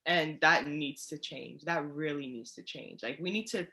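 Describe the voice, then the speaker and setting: A woman's voice: low-pitched, normal speed, vocal fry. A young woman who is a poetry guest on a podcast, talking casually and telling stories with emphasis. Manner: emphatic, animated storyteller. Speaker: guest poet. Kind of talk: casual chat.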